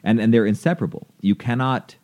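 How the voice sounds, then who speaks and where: A man's voice: mid-range voice, steady tone, fast talker, lo-fi sound. A man talking earnestly about faith in a casual conversation, acting out little dialogues as he explains.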